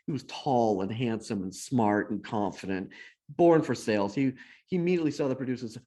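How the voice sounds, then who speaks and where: A middle-aged man telling a personal story as a guest speaker, self-deprecating and animated, acting out the voices of the people he quotes. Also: medium pitch, a little fast.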